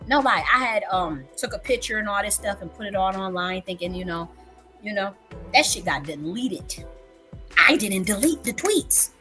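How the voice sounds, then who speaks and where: Over soft background music, a thirty-something livestream host tells a candid story, swearing often and repeating herself for emphasis. Her voice is medium in pitch and sharp, with lively intonation and a moderate pace.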